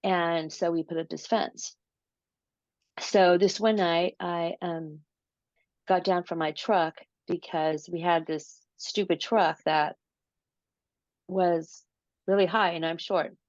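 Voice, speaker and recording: A woman guest in an interview, telling a personal story in a casual, animated way, often repeating words and acting out what she said. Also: fairly low pitch, takes it slowly, pauses often, no echo, highs cut off. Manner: animated, repeats words, acts out her own quotes.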